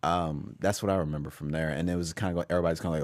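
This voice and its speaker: A man's voice: low-pitched, fairly even intonation, very fast. A man co-hosting a podcast in casual chat, telling stories bluntly with profanity. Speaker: podcast co-host.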